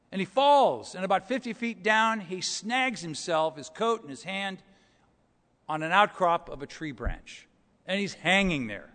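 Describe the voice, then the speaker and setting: A man preaching a sermon as pastor, telling stories and swinging between soft asides and loud emphasis. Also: sits high, long reverb tail. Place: church.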